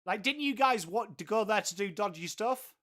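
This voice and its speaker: Reading chat aloud and bantering crudely, a man hosts a live cricket watchalong with casual commentary. His high, fairly bright voice is expressive and moves at a normal speed.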